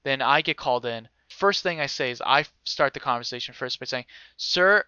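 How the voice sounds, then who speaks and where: A young man casually telling a story, animated and swearing freely, acting out other people's voices. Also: mid-range voice, brisk, clear, resonant tone, no room sound, muffled recording.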